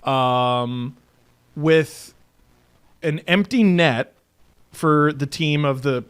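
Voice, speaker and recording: A man's voice: a little high, very slow, clear, resonant tone. A man co-hosting a podcast in casual chat, joking and swearing freely. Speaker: podcast co-host.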